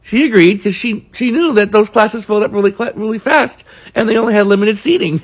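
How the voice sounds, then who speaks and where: A man's voice: sits high, fairly quick. A man, earnestly recalling college days in a rambling monologue full of fillers. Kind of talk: casual reminiscing monologue.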